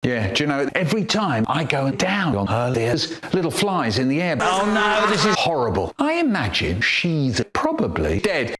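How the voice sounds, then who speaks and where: A man telling comic stories in a theatrical, expressive way, spliced into a choppy cut-up edit with sudden vocal jumps. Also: fairly high pitch, moderate pace, few pauses. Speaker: storyteller in a spliced comedy edit.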